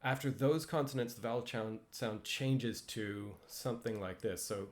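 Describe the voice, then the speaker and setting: A man's voice: medium pitch, normal speed, hardly any pauses. A man casually teaching pronunciation over slides, hesitant and self-deprecating, with frequent ums and restarts. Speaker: language instructor.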